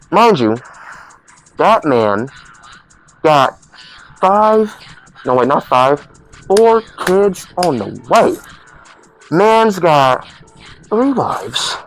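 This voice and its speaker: A man's voice: mid-range voice, low-quality recording. A young man telling a comedic party story in a rambling, self-correcting way, acting out his friends' lines.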